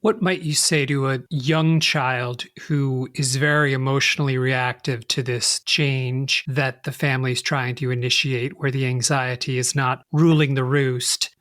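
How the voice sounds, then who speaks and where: A man co-hosting a podcast, asking long questions in a slow, measured way. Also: mid-range voice, fairly even intonation, fairly bright tone, dry recording, clean studio sound. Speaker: podcast co-host, interviewer. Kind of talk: interview questions.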